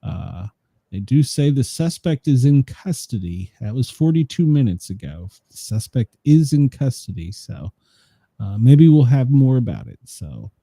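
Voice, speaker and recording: A man's voice: mid-range voice, very animated, unhurried, warm tone, husky, no echo. A man, co-hosting a daily news show, reading headlines and the weather in a loose, chatty way and often trailing off with "so". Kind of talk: casual news and weather chat.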